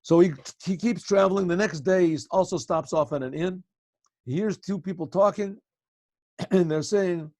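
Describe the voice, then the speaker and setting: A male rabbi telling a story to a class over a video call, conversational and often clearing his throat. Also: high voice, moderate pace, a little mellow, no room sound.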